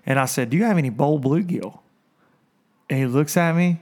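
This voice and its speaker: A man hosts a casual fishing talk show as a podcast host, telling stories in an animated way, laughing often and doing voices for the people he quotes. His voice sits a little high, and he speaks at normal speed.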